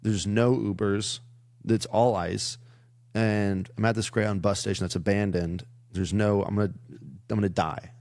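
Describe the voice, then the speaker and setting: Young male comedian, low gravelly voice, dry close sound, rambling storyteller. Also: normal speed, no room sound. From Iowa. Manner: rambling, many "like" fillers, animated retelling. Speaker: comedian guest. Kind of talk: casual storytelling chat.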